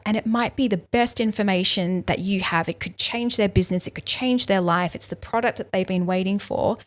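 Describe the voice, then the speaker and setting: An Australian woman, a speaking coach, explaining vocal tips as a podcast guest and acting out examples in different tones. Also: on the low side. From Western Australia.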